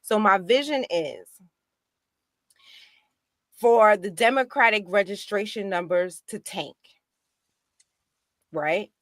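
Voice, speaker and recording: A woman talking in a casual political discussion, animated and indignant, with many restarts. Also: mid-range voice, slow pace, long pauses, no room sound, clean studio sound. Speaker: guest activist.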